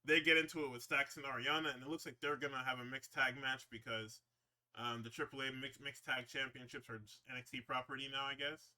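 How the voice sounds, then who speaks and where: A man's voice: medium pitch, steady tone, brisk, sharp tone. A man hosting a podcast, recapping wrestling shows in a rambling, profane, casual way with frequent laughs. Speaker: podcast host.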